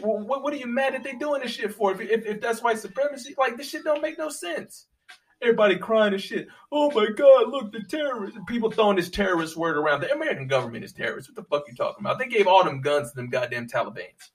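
A man ranting profanely, swinging from low muttering to loud, high-pitched outbursts. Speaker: commentator. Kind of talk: profane political rant. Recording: voice a bit far from the mic, faint music behind.

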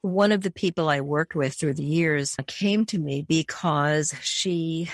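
A woman's voice: low-pitched, creaky, no echo, clean studio sound. A woman therapist and author in an interview, telling case stories vividly and acting out the people she quotes. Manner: vivid storyteller who acts out quoted voices.

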